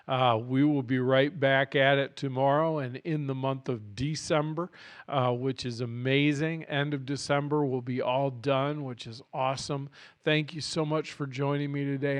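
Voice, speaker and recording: Man reading scripture, voice going hoarse. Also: mid-range voice, no echo. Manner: earnest, unhurried reading, apologetic asides. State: scratchy throat, voice going. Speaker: Bible reading podcast host. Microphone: studio mic.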